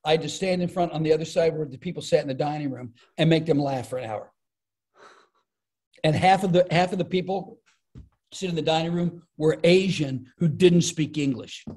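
Middle-aged comedian, animated storyteller, slightly high, mellow tone. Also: male voice, fairly quick. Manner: animated, acts out quoted voices. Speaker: comedian and speaker, podcast guest. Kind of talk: storytelling in conversation.

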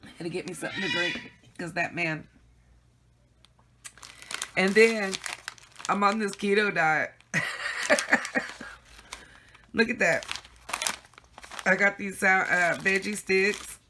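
A woman's voice: mid-range voice, wildly swooping pitch, takes it slowly, long pauses, noisy background. A woman chatting casually and giggling as she unboxes gifts for her viewers at home. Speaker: craft vlogger.

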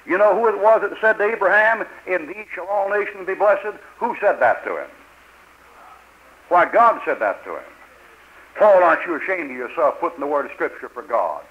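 Older male preacher, fiery and folksy, higher-pitched, lo-fi vintage tape. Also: sing-song, normal speed. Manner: fiery, rhetorical questions, folksy grammar. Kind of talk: sermon. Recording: old lo-fi tape recording.

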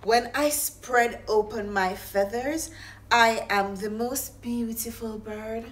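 A woman's voice: a little high, fairly even intonation, takes it slowly. A woman doing a vain, proud peacock. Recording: echoey room, faint noise.

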